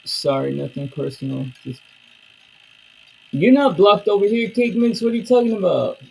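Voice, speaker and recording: Streaming live, a man chats loosely and casually with his viewers, rambling in slang. His voice sits high and is expressive, creaky and husky with a darkish tone, at normal speed, on a low-quality recording.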